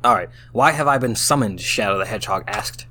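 A man's voice: lowish voice, fairly quick, sharp tone. A tipsy man reads an AI-written story aloud, breaking off into baffled exclamations. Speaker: host reading out an AI-written story. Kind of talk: casual reading aloud with running commentary.

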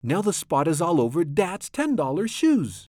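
A flustered young boy, as a man reading a storybook puts him on scolds in a pitched-up, raised voice. The pitch jumps around a lot, and the recording is dry and close. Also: big pitch swings, moderate pace, a little mellow, no room sound. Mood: exasperated. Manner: exasperated, raised voice.

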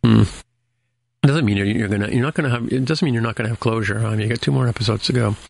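A man's voice: medium pitch, fast, creaky, darkish tone, dry recording. A man casually recapping a TV episode as a podcast co-host, rambling with many fillers and restarts.

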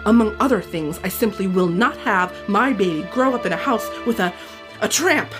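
A woman reading aloud and voicing a furious, strict stepmother who scolds with acid bite, pitched a little above her own voice. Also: animated, brisk, music in the background, close to an everyday voice. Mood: scolding.

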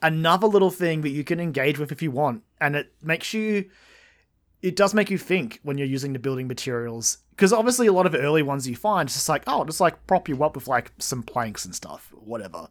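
Man with a higher voice, teasing. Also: expressive, a little fast. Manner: teasing, laughs often. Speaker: podcast co-host. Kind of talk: casual chat.

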